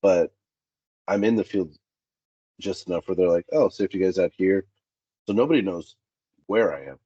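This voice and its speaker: A man with a very low, husky voice talks through job-site stories and acts out what people said. The sound is dry and a little muffled. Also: normal speed, dry recording. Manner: animated, acts out quoted dialogue. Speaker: safety specialist guest. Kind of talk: candid interview storytelling.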